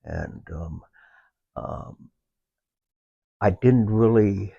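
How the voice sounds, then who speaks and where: A man with a low voice speaks in a relaxed, halting way, often pausing to search for words. He talks as a veteran guest in a casual conversation. The sound is dry and close, with no room echo. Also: gravelly, slightly rough, lo-fi sound. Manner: halting, unhurried, with many filler pauses. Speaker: veteran guest with a service dog.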